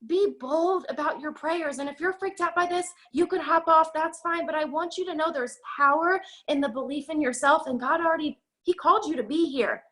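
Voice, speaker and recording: High-pitched woman giving a pep talk. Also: a bit bright. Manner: fast, emphatic, preachy pep talk. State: out of breath. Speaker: network marketing team leader. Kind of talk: motivational talk on a video call. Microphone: video call.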